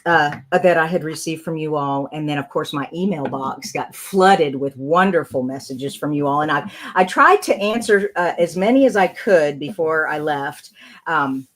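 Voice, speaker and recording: A woman's voice: low voice, normal speed. Chatty woman crafting live. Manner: chatty, rambling, thinks aloud while working. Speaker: crafting channel host. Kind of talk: casual live-stream craft tutorial.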